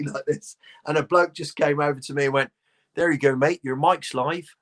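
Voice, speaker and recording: With a fairly high pitch and normal speed, a posh-accented middle-aged Londoner tells lively stories as a guest comedian. The chat is casual, and he swears freely and laughs as he goes.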